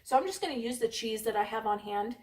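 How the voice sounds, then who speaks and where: A woman's voice: on the high side, fast talker, distant mic. Chatty woman cooking in an echoey kitchen. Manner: chatty, rambling, many ums. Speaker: cooking channel host. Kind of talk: casual cooking vlog. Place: home kitchen. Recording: echoey room, voice away from mic.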